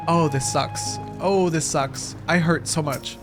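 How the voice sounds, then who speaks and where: A male streamer reacts to a video game in casual, emotional commentary and sounds close to tears. His voice sits somewhat high, and the game's soundtrack plays clearly underneath him. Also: animated, moderate pace, few pauses. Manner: emotional, overwhelmed, casual slang. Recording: game music playing under voice. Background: game soundtrack music.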